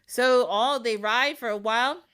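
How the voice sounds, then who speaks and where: Young female podcast host, animated casual storyteller, salty language, slightly high pitch. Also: measured pace, clear, resonant tone. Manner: animated, swears freely, acts out quotes.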